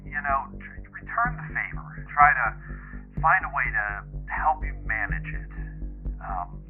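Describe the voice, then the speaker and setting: A man's voice: mid-range voice, sing-song. A hesitant man calling an old friend, as a man plays him, stumbling and restarting as he talks. The sound is thin and tinny like a phone line, with faint music behind. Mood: friendly. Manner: halting, full of restarts.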